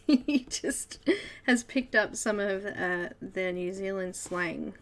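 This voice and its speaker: A woman's voice: medium pitch, animated, takes it slowly. An Australian woman hosting a live colouring stream, chatting casually and laughing often. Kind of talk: casual chat while colouring.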